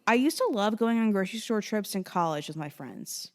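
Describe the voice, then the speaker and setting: A woman's voice: mid-range voice, lively intonation, a little fast, a little mellow. A young woman co-hosting a casual podcast. She talks in a chatty way, often trails off, and loses her place in her notes. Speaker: podcast co-host. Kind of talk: casual chat.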